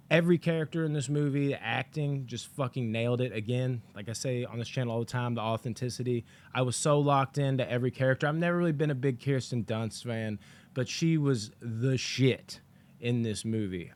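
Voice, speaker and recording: A young man talks through his reaction to a film in an unscripted, swearing-heavy ramble, stacking fillers and restarting his sentences. His voice sits at an ordinary middle pitch. He addresses his viewers directly and casually. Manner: profane, animated, rambling with fillers. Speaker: movie reviewer. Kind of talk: casual film review talk.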